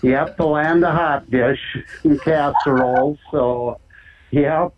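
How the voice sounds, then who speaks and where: A man's voice: on the high side, slow, slight background noise. A man with a Minnesotan accent calling in to a show, friendly and rambling with lots of fillers. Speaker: caller. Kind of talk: casual call-in chat. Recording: tinny phone line.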